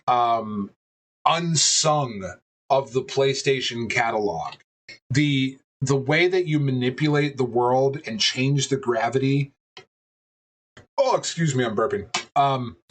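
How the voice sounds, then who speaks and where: Animated swearing man on a podcast. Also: mid-range voice. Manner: animated, swears a lot, rambling with fillers. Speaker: podcast co-host. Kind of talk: casual chat.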